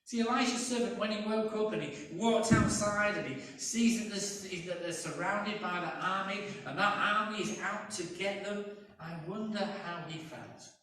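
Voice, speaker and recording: A man's voice: sits high, moderate pace, a bit bright. A man preaching a sermon as pastor, telling a story in a conversational way and acting out voices. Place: church, indoors. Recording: echoey church from a distance.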